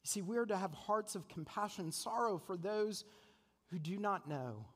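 A man's voice: high-pitched, moderate pace, big-room sound. A man preaching a sermon as pastor, earnest and conversational, asking the congregation rhetorical questions.

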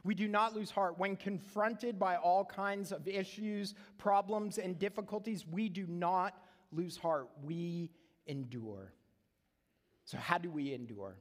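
A man's voice: sits high, takes it slowly. A middle-aged man preaching a sermon as pastor, earnest and conversational, repeating key phrases for emphasis. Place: church sanctuary. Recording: long reverb of a church hall.

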